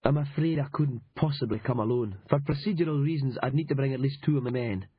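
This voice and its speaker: Brief: man voicing a husky, irritable Northern Scottish sergeant for an audiobook, sarcastic and fed up. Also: mid-range voice, quick pace, dry recording, highs cut off, lightly acted. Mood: sardonic. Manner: gruff, sarcastic. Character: weary, irritable rural police sergeant, middle-aged man.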